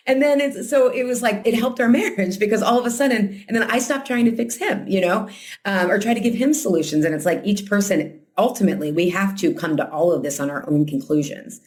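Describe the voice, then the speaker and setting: A woman host and coach talking casually, acting out quoted voices and filling her talk with "like" and "right?". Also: fast talker. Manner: animated, acts out quoted voices with big pitch jumps; frequent "like" and "right?" fillers. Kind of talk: casual conversational teaching.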